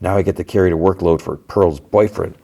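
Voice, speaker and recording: A man voicing an earnest, nervous teenage boy superhero while recapping a cartoon, lifting into an eager, higher tone. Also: fairly even intonation, brisk, creaky, warm tone.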